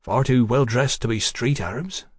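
A man voicing a reserved, educated gentleman scientist who speaks in an understated, measured way. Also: mid-range voice, husky, no echo, clean studio sound, lightly acted. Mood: wry.

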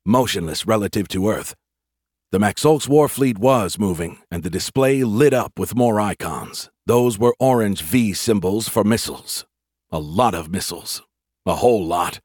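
A male narrator reading an audiobook in a measured, wry manner. His voice sits on the lower side, and the recording is close and dry, with no room around it. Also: darkish tone, no echo. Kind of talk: scripted narration.

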